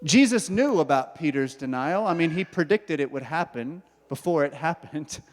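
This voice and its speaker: A man preaching from the pulpit in a slightly higher voice. He tells the story with lively storytelling and acts out the characters' inner thoughts. A long hall reverb trails after his words. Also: normal speed. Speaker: pastor. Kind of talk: sermon. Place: church hall.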